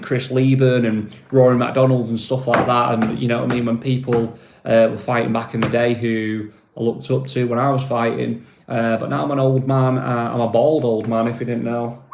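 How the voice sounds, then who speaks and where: A man's voice: medium pitch, a little mellow, a little hiss or hum. Rambling Mancunian man in a roomy space. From Manchester, England. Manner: rambling, filler-heavy, calls viewers mate. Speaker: live-stream host. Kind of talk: casual live-stream chat.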